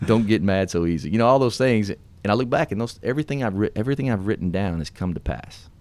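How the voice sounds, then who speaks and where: A middle-aged man hosting a radio show, telling his story in an earnest, animated, folksy way. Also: lowish voice, fast talker, dry recording. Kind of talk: casual storytelling and motivational talk.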